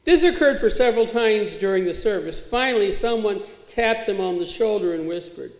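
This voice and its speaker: A man's voice: high-pitched, expressive, moderate pace, few pauses. A man preaching a sermon as pastor, in a plain conversational way with occasional fillers, recorded in a church sanctuary. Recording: echoey church hall.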